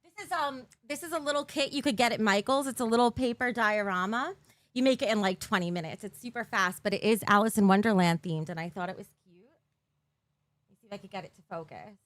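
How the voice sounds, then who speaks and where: A woman's voice: mid-range voice, fairly quick, fairly bright tone. A woman live-streaming from her bedroom, chatting casually with her viewers on a desk mic and giggling often.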